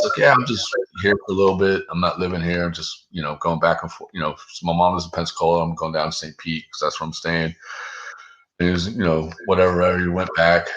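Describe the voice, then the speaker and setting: A guest with a very low voice that carries a forceful, bright edge tells a long personal story in casual fashion. His talk is loose and profane, packed with "dude" and "like."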